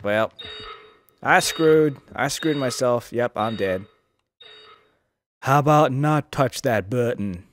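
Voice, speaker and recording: A man casually commenting on his gameplay, joking and swearing and reacting loudly to scares. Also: mid-range voice, takes it slowly, long pauses, slight background noise. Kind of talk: casual let's-play commentary.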